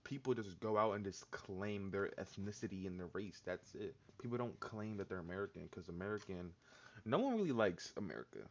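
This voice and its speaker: A man's voice: low voice, animated, fairly quick. A man hosting a casual chat, talking loosely and jokingly with lots of slang and filler words. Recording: dull lo-fi sound.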